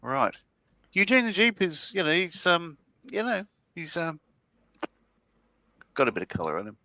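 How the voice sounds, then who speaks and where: Bright-voiced chuckling hobby host. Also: male voice, on the high side, huge pitch swings, normal speed. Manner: chuckling, rambling, reads comments aloud. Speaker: co-host reading chat. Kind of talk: casual chat while model building.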